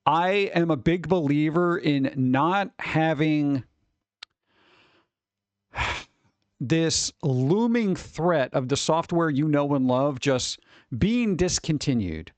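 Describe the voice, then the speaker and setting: A man's voice: a little high, animated, takes it slowly, pauses often, dry recording. A man hosting a stream, chatting casually in a rambling way, with some swearing and chuckles. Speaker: streamer host. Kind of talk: casual chat.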